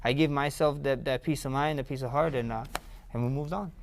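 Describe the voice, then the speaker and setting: Excitable man telling stories. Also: mid-range voice, brisk, a little hiss or hum. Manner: rambling, repeats words, grows excited and loud. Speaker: interview guest, fighter. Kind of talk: casual storytelling interview.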